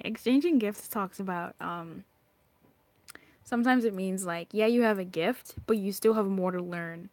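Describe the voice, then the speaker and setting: A woman's voice: medium pitch, moderate pace, fairly bright tone, dry recording. Bubbly chatty woman reading tarot. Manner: bubbly and talkative. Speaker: tarot reader.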